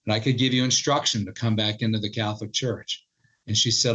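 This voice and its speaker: A middle-aged man, an author being interviewed, telling a story in animated fashion and acting out quoted lines. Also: on the low side, a little fast, breathy edge, muffled recording. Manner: animated storyteller, quotes others in their voices. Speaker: author and historian guest.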